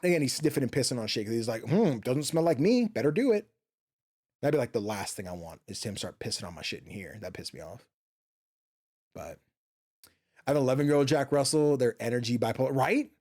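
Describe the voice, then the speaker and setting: A man's voice: mid-range voice, a little mellow. Rambling, profane male gaming streamer. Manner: rambling, profane, many fillers and restarts. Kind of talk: casual chat while streaming a game. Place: home office.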